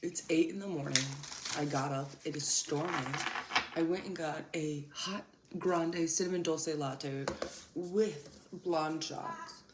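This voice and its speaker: A woman's voice: deep voice, slow pace. A young woman hosting a casual tarot reading, chatty and laughing often, with casual swearing. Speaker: tarot reader and channel host. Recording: echoey room with loud background noise.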